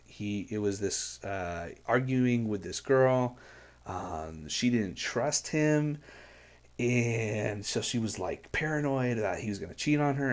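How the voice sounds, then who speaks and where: A man hosting a music reaction video, talking in an earnest, rambling way with many fillers and restarts. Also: mid-range voice. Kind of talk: casual reaction commentary.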